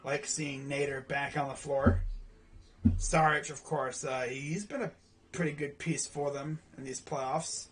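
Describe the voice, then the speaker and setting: A young man doing live play-by-play reaction to a basketball game from home, slangy and excitable, yelling and groaning at missed shots. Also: mid-range voice, unhurried. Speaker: play-by-play streamer.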